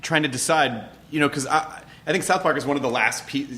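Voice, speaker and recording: A man's voice: on the high side, a little fast, sharp tone. A man hosting a podcast in casual chat, rambling through anecdotes, swearing and acting out quotes. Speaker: podcast host.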